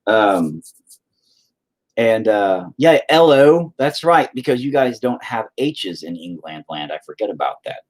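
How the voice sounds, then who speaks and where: A man's voice: fairly low pitch, big pitch swings, unhurried, darkish tone. A man chatting casually and profanely with viewers while he paints, rambling and putting himself down. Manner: profane, rambling, self-deprecating.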